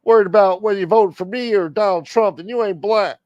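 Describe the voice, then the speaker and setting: A man putting on a mocking impression of an elderly male politician, pitched well above his own voice. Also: a little fast, a little mellow, no echo, lo-fi sound, natural voice.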